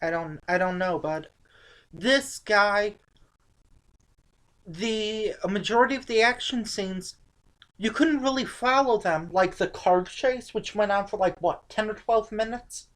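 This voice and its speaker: A woman's voice: medium pitch, unhurried. A woman reviewing an old movie in casual chat, sarcastic and exasperated.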